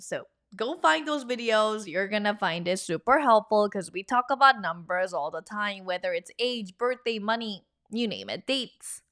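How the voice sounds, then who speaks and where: A woman, giving an energetic, chatty video lesson and drilling phrases for the viewer to repeat. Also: fairly high pitch. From Korea. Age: 30s. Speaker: language teacher.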